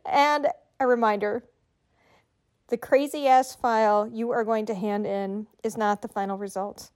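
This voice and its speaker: Speaking a little slowly, this middle-aged podcast host has a slightly high, somewhat mellow voice and a steady tone. She coaches writers in an instructional, conversational way, encouraging them and telling them what to do.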